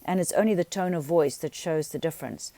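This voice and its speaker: Lady with a low voice going over grammar, patient, slow on the examples, dry close sound. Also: dark tone, dry recording. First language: not Xhosa. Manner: explains patiently, pronounces example words slowly. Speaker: language teacher. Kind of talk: recorded grammar lesson.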